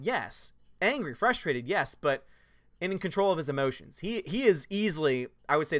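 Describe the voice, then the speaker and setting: A man hosting a livestream, reading chat messages and answering in a casual, animated way with loud jokey outbursts. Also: a little high, no echo, clean studio sound. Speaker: YouTube channel host reading live chat.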